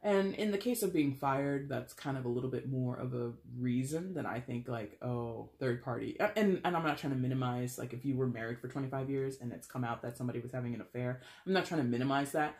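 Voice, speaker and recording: A man's voice: medium pitch, quick pace, hardly any pauses, darkish tone. A man giving a casual tarot reading, talking in a chatty, blunt, wry way with lots of fillers. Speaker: tarot reader. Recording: roomy echo.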